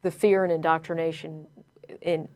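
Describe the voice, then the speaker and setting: Low-voiced woman co-hosting a call-in show. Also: level tone, moderate pace, dark tone. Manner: agreeable, lots of "yeah". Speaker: co-host. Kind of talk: casual call-in discussion.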